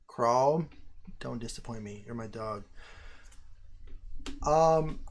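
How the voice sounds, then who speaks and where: An American man chats casually with his livestream audience in a mid-range voice, swearing freely and rambling from thought to thought. He bursts out loudly every so often. A faint hiss of noise sits behind him. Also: mid-range voice. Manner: profane, rambling, loud outbursts. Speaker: livestream host.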